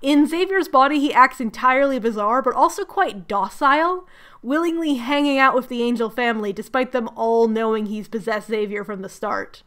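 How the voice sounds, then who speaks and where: A young woman with a high voice doing a comedic book recap. She is sarcastic and animated, often laughing at herself. She talks like a video essayist. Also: moderate pace. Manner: sarcastic, animated, self-mocking. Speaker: book reviewer.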